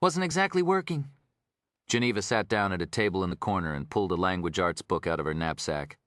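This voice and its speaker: Male narrator, low voice, bright forceful tone, steady scripted storytelling. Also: quick pace, no echo, studio quality. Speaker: audiobook narrator.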